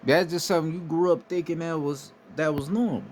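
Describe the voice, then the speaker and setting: A man's voice: on the high side, steady tone, a little fast, a little hiss or hum. A man from the United States giving a casual, emphatic monologue, swearing freely and often asking "right?" to drive his points home. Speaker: spiritual commentator.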